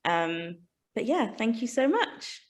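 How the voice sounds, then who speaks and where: A woman from Yorkshire hosting a casual author interview, chatty, enthusiastic and quick to laugh. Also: a little high, big pitch swings. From Yorkshire, England. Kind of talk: casual chat.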